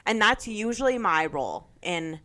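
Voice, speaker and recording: A young adult woman co-hosting a podcast tells a story in casual chat, animated, laughing often and swearing freely. Her voice is mid-range at a moderate pace.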